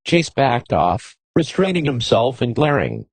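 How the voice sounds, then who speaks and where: A man's voice: medium pitch, very animated, measured pace, hardly any pauses, slightly rough, dry recording. Man narrating a western audiobook, dry. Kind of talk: scripted narration of a western novel.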